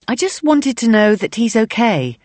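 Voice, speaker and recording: A woman's voice: a little high, sing-song, normal speed, a little mellow, dry recording, pitched above the performer's own voice. A woman voicing a worried mother who speaks hesitantly and apologetically, in an audiobook.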